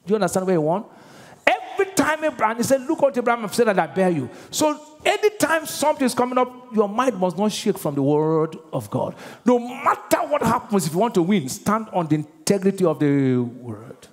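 A man with a Nigerian accent preaching a sermon as pastor, animated and using call-and-response with his congregation. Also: high-pitched, a little fast. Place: large church auditorium. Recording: husky voice in a reverberant church hall.

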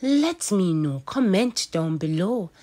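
Woman w jamaican accent teaching kids to read, super slow n drawn out, sounds out each letter. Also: on the low side, big pitch swings, mellow. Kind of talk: children's phonics lesson.

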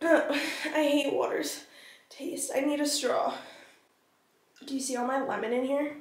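A woman's voice: high-pitched, fairly even intonation, a little slow. A young woman vlogging casually at home, talking to a handheld camera in a rambling, self-deprecating, anxious way. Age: young adult. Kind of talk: casual vlog chat. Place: home, indoors.

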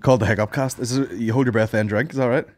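A man's voice: mid-range voice, steady tone, racing, no room sound, studio quality. Sweary rambling podcast man. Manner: rambling, swears a lot, laughs often. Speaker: podcast co-host. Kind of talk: casual chat.

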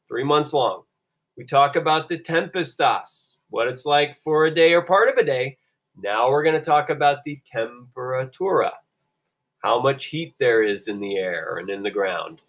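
A man teaching a Latin lesson to a class, asking everyone to repeat phrases and saying the Latin words slowly and clearly. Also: mid-range voice, a bit bright. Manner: call-and-response, drawing out Latin phrases slowly. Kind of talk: classroom-style video lesson.

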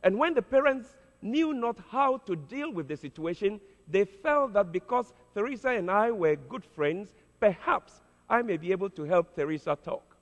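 A man's voice: high-pitched, lively intonation, moderate pace, few pauses, dull audio. A man preaching as a pastor, telling a story earnestly and dramatically, with hesitant fillers. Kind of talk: storytelling sermon. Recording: long hall reverb.

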